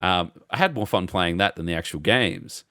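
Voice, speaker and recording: A man's voice: deep voice, moderate pace, clean tone, no echo, studio quality. A man co-hosting a podcast, telling stories in casual chat, swearing a lot and acting out the quotes. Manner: animated storyteller, acts out quotes, swears a lot. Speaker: podcast co-host.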